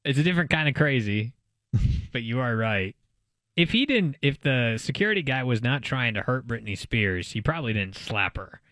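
A man's voice: mid-range voice, lively intonation, moderate pace, a bit bright, dry recording. A man co-hosting a sports radio show and joining in with wry, amused banter. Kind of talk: casual sports radio chat.

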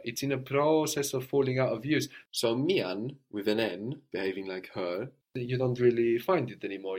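A man teaching a language lesson, patiently modeling phrases slowly and coaxing his student. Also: medium pitch.

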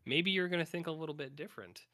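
A man's voice: fairly high pitch, fast talker, bright, forceful tone. A man co-hosting a podcast from Canada, chatting casually about a movie and joking as he acts out its lines. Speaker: podcast co-host.

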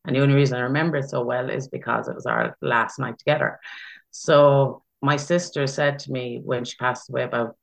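Guest, gravelly voice, chatty storytelling, lots of ums. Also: medium pitch, a little fast, low-quality recording. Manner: chatty, animated storyteller with frequent fillers. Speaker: interview guest, Pride chairperson. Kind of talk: casual conversational storytelling.

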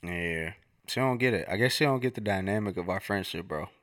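A man's voice: sits low, brisk, fairly bright tone, no room sound, clean studio sound. A young man co-hosting a podcast, telling stories in casual slangy chat. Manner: laid-back slangy storytelling. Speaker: podcast co-host.

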